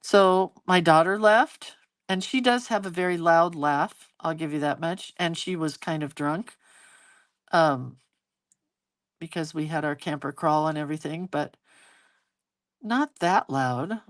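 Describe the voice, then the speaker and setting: A middle-aged woman who creates hand-lettering hosts a live video, chatting and telling a story as she draws, animatedly acting out quoted lines. She has a low voice, a measured pace and frequent pauses, recorded with no room sound.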